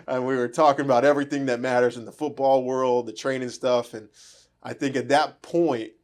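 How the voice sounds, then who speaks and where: A man telling a story in casual conversation, animated and laughing, acting out the dialogue. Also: medium pitch, normal speed.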